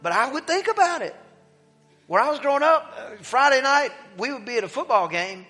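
A middle-aged man preaching in a church, telling a personal story in an animated way that swings between loud emphasis and hushed, quiet passages. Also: very high voice, a little fast. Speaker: pastor. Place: church sanctuary. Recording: long hall reverb with faint music.

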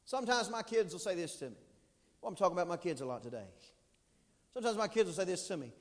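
Very high-voiced fervent male preacher. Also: animated, fast, long pauses, in a large hall. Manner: fervent, rising to shouted emphasis. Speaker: pastor. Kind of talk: sermon. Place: church sanctuary.

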